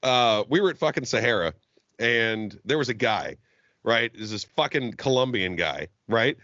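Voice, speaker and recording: A man's voice: mid-range voice, animated, normal speed, sharp tone, no room sound, dull audio. A man co-hosting a podcast, telling a profane bar story with crude jokes and laughter. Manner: crude, laughing, acts out voices in his stories. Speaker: podcast co-host.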